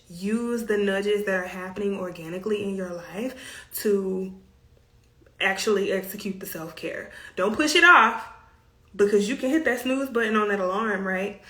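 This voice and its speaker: A woman's voice: mid-range voice, a bit bright, echoey room. A woman with a Southern US accent giving self-care advice in a chatty, emphatic monologue with playful asides. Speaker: self care coach and host.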